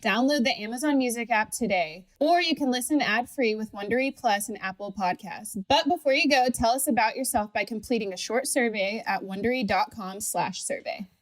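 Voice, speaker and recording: A woman's voice: on the high side, brisk, hardly any pauses, dry recording. A woman co-hosting a podcast in casual chat, upbeat and chatty. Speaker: podcast co-host.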